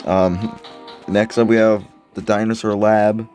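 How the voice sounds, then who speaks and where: Rambling low-voiced man narrating a game. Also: little pitch movement, unhurried, a little mellow, faint music behind. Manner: rambling, filler-heavy, offhand storytelling. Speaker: app game commentator.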